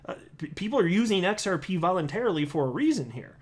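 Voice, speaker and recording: A man's voice: sits high, very animated, quick pace, breathy edge. A man hosting a crypto commentary talk, speaking bluntly and scornfully with frequent restarts. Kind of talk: casual commentary monologue.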